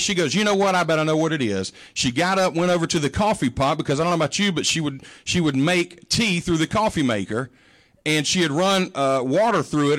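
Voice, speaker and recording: A man's voice: a little high, a bit bright. A middle-aged male pastor giving a sermon, telling humorous, folksy stories about his mother.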